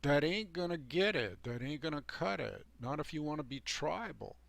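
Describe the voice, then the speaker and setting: A man's voice: a little high, lively intonation, normal speed, creaky, fairly bright tone, no echo. A man hosting his own channel, delivering a rambling, preachy monologue in an emphatic, folksy way with sarcastic asides. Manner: emphatic and folksy, heavy on "you know" and "man". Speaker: channel host giving life advice.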